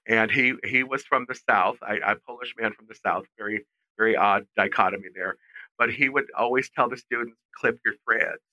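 A middle-aged man, a fashion designer, telling animated stories as a guest in a podcast interview. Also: fairly low pitch, brisk, dry recording, dull audio. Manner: animated, expressive storyteller. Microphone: remote call mic.

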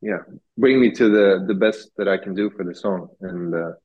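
A man with a Swedish accent answering interview questions in a relaxed, hesitant way. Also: low-pitched, normal speed, husky, muffled recording. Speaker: guest artist.

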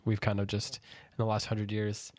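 A man's voice: fairly low pitch, monotone, normal speed, darkish tone, no room sound. Man, casual book-club host, rambling, dry sound. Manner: loose, rambling with many restarts. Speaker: podcast host.

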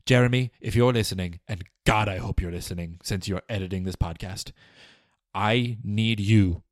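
A man's voice: on the low side, normal speed, no echo, studio quality. A young man hosting a comedy podcast, delivering a pompous, rambling, mock-serious film review with stammering restarts. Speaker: podcast host. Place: small studio.

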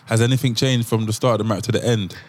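A man's voice: on the low side, fairly even intonation, fast talker. Reflective man. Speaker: podcast co-host. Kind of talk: casual chat.

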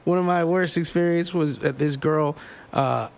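Joking, profane man with higher voice. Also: moderate pace, vocal fry, clean tone. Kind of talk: casual chat, crude anecdotes.

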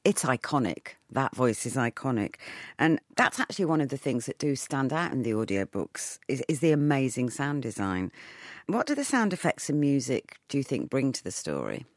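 A woman's voice: very deep voice, big pitch swings, moderate pace, no room sound. A woman hosting a podcast interview in a studio, asking enthusiastic questions. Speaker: podcast host. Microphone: studio microphone.

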